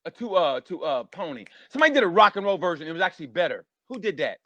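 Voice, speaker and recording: Energetic stand-up comedian, lively and high. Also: male voice, quick pace, dry recording, lo-fi sound. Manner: energetic, nonstop, stammering restarts. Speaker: stand-up comedian, podcast guest. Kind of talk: rowdy casual chat.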